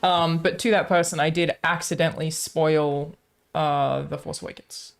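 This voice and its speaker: A woman streaming a game, chatting casually and telling stories in an animated way, swearing freely. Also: low-pitched, normal speed, vocal fry.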